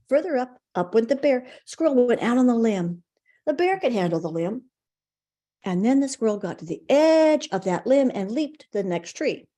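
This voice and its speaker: A woman storyteller narrating a folk tale in a rhythmic, expressive way, speaking over a video call. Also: on the high side.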